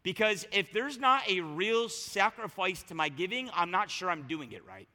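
Man, pastor, sermon, high voice, echoing hall, conversational, restarts often. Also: moderate pace. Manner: conversational and animated, with repeated restarts.

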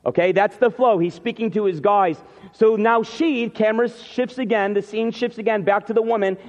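A man's voice: high voice, steady tone, normal speed, a little mellow. A man preaching a sermon, retelling the scene and acting out what the people say. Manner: storytelling, acts out scenes. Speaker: pastor. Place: church sanctuary. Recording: muffled hall reverb.

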